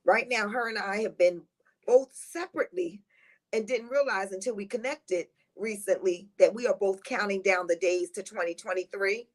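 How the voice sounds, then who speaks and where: A middle-aged woman who is a guest on a talk show. She tells heartfelt, rambling personal stories in a lively, positive, high-energy way. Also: normal speed. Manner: rambling, heartfelt storytelling with restarts. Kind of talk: casual conversational interview.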